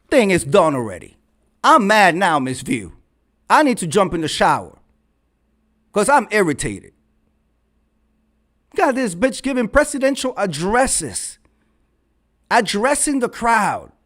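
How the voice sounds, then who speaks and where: A man hosts his own vlog, launching into a fiery, profane rant into a red microphone and repeating phrases for emphasis. His voice is high and a bit bright.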